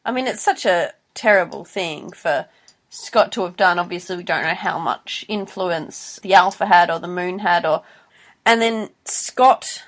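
A woman's voice: on the low side, a little slow. A woman co-hosting a podcast, analyzing a TV show in casual chat and thinking aloud. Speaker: podcast co-host.

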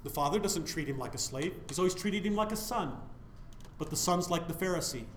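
A man's voice: a little high, animated, fairly quick, roomy sound, slight background noise. A man preaching a sermon, putting questions to his listeners and answering them himself.

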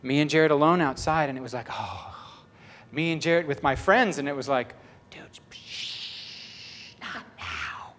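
A man's voice: a little high, fairly quick, a bit bright. A man preaching a sermon in a conversational, emphatic way.

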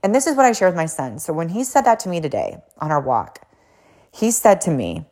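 A woman with a fairly low voice hosts her own podcast, spinning a casual story. Her pitch leaps and dips expressively as she talks. She is blunt, swears casually, peppers her speech with "like" and wanders into side notes. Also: fairly quick. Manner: blunt and animated, swears casually, acts out quotes; frequent "like" fillers, digresses. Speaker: podcast host and coach.

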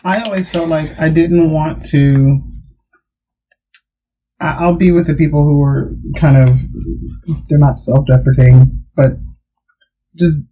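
A woman in casual chat, talking in a relaxed, rambling way with frequent restarts. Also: low voice, unhurried, long pauses, breathy edge, low-quality recording.

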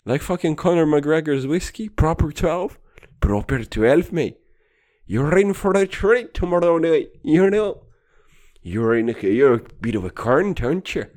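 A man's voice: a little high, animated, unhurried, a little mellow, pitched above the performer's own voice. A man doing a put-on Irish accent as a swaggering, crude, boastful Irish guy. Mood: cocky.

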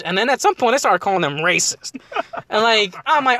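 A podcast host rambling in a loose, animated way about wrestling, laughing often. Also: male voice, high-pitched, moderate pace, dry recording. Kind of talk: casual wrestling chat.

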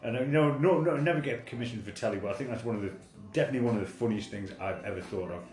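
A man's voice: mid-range voice, racing, darkish tone, reverberant. A man co-hosting a casual podcast, sweary and self-mocking, often restarting his sentences. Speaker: podcast co-host. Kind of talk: casual chat.

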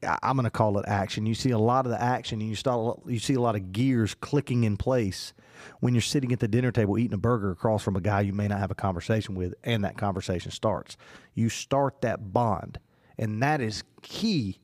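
A man's voice: fairly low pitch, fairly quick, darkish tone, no echo, studio quality. A man co-hosting a casual faith podcast, rambling with many fillers and restarts. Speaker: podcast co-host.

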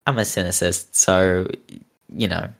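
A man's voice: deep voice, steady tone, unhurried, creaky. A young British man with a neutral accent, co-hosting a casual podcast chat, rambling with lots of fillers and cynical asides. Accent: neutral British, neither northern nor southern. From Britain. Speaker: podcast co-host.

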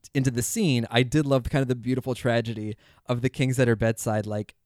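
Animated man in dry casual chat. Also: medium pitch, fast, no echo. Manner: animated, acts out scenes with quoted voices. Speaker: podcast co-host.

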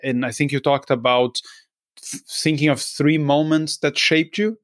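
A man's voice: a little high, steady tone, unhurried, fairly bright tone, no echo, clean studio sound. A man hosting a podcast interview, thoughtful and fair-minded, often restarting his sentences. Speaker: podcast host.

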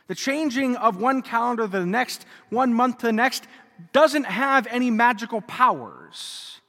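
A man's voice: very high voice, expressive, measured pace, a bit bright. A man preaching a homily at Mass as a priest, conversational with joking asides. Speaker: Catholic priest. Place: church. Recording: long church reverb.

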